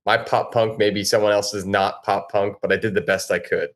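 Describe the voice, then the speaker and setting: A man appearing as a guest on a casual podcast, talking eagerly and chattily, sometimes in quick bursts. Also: fairly low pitch, level tone. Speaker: podcast guest, band frontman.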